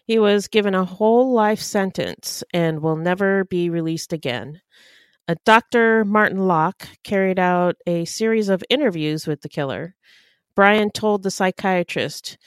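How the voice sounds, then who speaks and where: A woman's voice: fairly low pitch, a little slow, smooth, no echo. A woman co-hosting a true crime podcast, reading case notes and laughing easily in casual chat. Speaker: podcast co-host.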